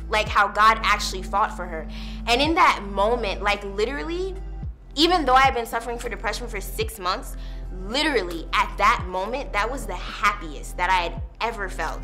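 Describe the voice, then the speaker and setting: Slightly high with a sharp tone, a young woman at university gives her personal testimony casually and candidly. "Like" and "literally" fill her speech.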